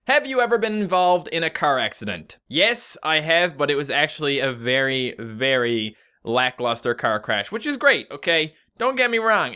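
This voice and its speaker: A man's voice: a little high, sharp tone, clear, resonant tone. A young Canadian man with a Canadian accent, chatting casually and jokingly as he reads and answers viewer tweets. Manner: chatty, joking, rambling asides. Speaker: YouTuber. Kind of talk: casual vlog reading tweets.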